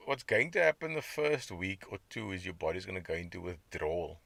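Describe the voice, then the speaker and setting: A man's voice: low voice, animated, brisk, creaky, hardly any pauses, fairly bright tone, dry recording. A man hosting his own podcast, talking in a rambling, conversational way and reacting to chat comments. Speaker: podcast host. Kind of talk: casual diet podcast monologue.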